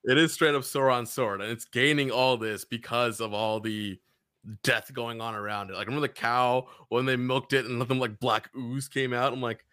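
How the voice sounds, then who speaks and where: A man's voice: mid-range voice, moderate pace, no echo, studio quality. A man co-hosting a podcast in casual chat, joking and often laughing as he talks. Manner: laughing, joking, lively banter. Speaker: podcast co-host.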